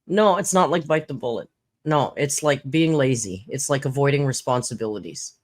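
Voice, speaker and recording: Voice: medium pitch, moderate pace. A host from Southern Ontario, casually chatting, giggling and explaining slang. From Southern Ontario, Canada. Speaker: reaction channel host. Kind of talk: casual commentary.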